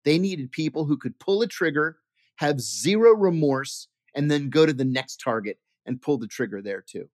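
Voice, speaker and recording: Telling anecdotes in an interview, a former CIA intelligence officer acts out quoted conversations with frequent restarts. His animated voice sits on the high side with a darkish tone at normal speed, captured at studio quality with no room sound.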